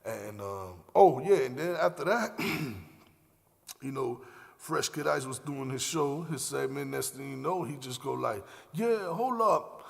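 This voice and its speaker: A man's voice: mid-range voice, a little slow, vocal fry. A young man telling loose, profane stories on his podcast, rambling with lots of fillers. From Miami, Florida. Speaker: podcast host. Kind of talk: casual storytelling. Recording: long hall reverb.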